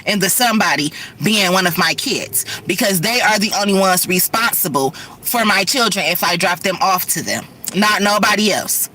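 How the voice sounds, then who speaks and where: A middle-aged woman vlogging in casual chat, talking fast and rambling, with lots of swearing, seemingly from her car. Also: medium pitch, pushed and bright, slight background noise. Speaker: vlogger and rideshare driver.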